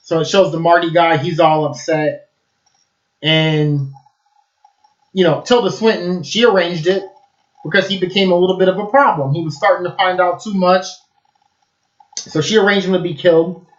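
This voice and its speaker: A man's voice: high-pitched, steady tone, moderate pace, pauses often, echoey room, lo-fi sound. A man giving a casual, enthusiastic film review, rambling with lots of fillers.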